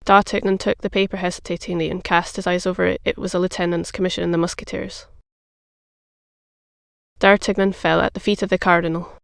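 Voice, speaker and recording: An audiobook narrator giving an even, measured scripted reading of a classic novel. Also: medium pitch, vocal fry, dry recording, clean studio sound.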